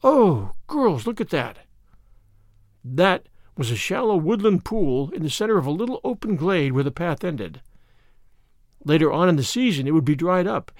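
An audiobook narrator with a fairly high-pitched voice reads a story aloud, delivering the scripted narration expressively like a storyteller. The sound is clean studio quality with no room sound.

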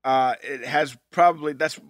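A man's voice: medium pitch, normal speed, dry recording. A man co-hosting a podcast in casual chat, laughing often and retelling scenes with animation. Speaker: podcast co-host.

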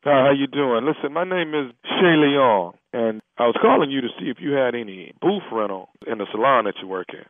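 A man playing a male hairstylist asking about salon space on a prank phone call, talking haltingly with many restarts. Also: medium pitch, lively intonation, dry recording, close to an everyday voice. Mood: earnest. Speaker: prank caller. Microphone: telephone. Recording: tinny phone line.

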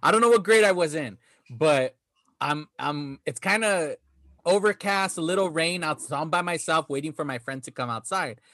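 A man's voice: a little high, expressive, normal speed, pushed and bright, dry recording, clean studio sound. A man hosting a podcast, telling stories in casual chat, laughing often and swearing freely. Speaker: podcast host.

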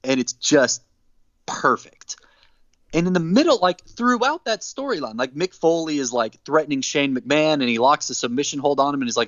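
Podcast co-host, male, lively storyteller, dry and slightly muffled sound. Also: on the high side, a little fast, no echo. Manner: animated storyteller, acts out quotes. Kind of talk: casual chat, recapping wrestling. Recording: dull dry close mic.

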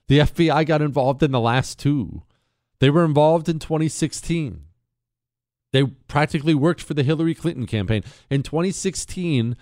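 A man with a mid-range, darkish voice hosts a talk radio show, brash and sarcastic as he reads ads and listener mail in a monologue and laughs along. He's in a radio studio on a studio mic, and the recording is studio quality with no echo.

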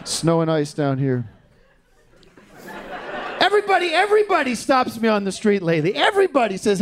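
A man performing a stand-up comedy bit as a guest, with halting, stumbling delivery and frequent restarts. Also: high-pitched, wildly swooping pitch.

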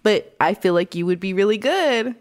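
A woman's voice: mid-range voice, animated, normal speed. Candid woman telling a story. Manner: candid, storytelling, laughs easily. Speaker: podcast host. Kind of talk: casual chat.

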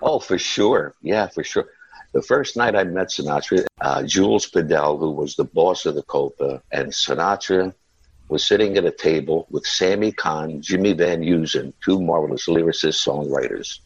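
A man's voice: extremely low pitch, moderate pace, breathy edge, no room sound, highs cut off. A man, telling rambling stories as an interview guest, full of "you know" and "uh.". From United States. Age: 70s. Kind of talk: casual storytelling interview.

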